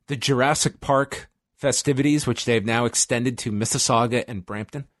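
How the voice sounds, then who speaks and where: A man hosting a podcast in casual chat, with a dry, deadpan teasing manner. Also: mid-range voice, moderate pace, no room sound. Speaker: podcast host.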